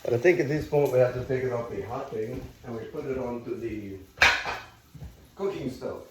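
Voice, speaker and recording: A man cooking and chatting on his own vlog, rambling and swearing freely, with sudden loud outcries. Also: medium pitch, moderate pace, background noise. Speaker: cooking vlogger.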